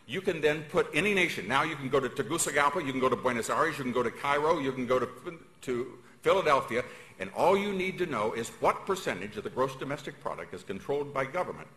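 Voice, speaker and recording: A man giving a public speech in a folksy, emphatic way, pausing for emphasis. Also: mid-range voice, lively intonation, bright, forceful tone. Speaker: speaker. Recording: echoey hall.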